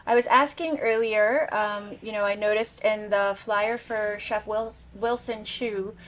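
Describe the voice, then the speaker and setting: A woman's voice: mid-range voice, steady tone, a little slow, a little hiss or hum, poor audio. Casual, enthusiastic cooking host; woman in her thirties tasting and describing food. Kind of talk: casual cooking show chat.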